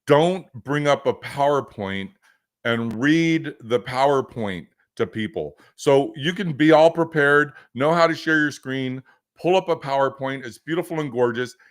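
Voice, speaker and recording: A man hosting a livestream coaching session, talking off the cuff. His voice sits at a middling pitch for a man, and he rambles casually with plenty of fillers, restarts and joking asides.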